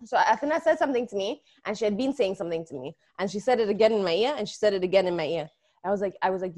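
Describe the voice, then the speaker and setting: A woman's voice: medium pitch, expressive, racing, darkish tone. A young woman co-hosting a podcast, telling stories in casual chat, swearing freely and laughing often. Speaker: podcast co-host.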